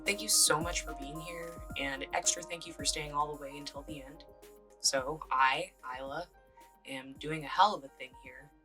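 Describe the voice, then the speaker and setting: A woman's voice: deep voice, steady tone, moderate pace, over music, poor audio. A woman creator reading an earnest, self-deprecating outro to her listeners. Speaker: creator and dungeon master. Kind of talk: scripted outro address.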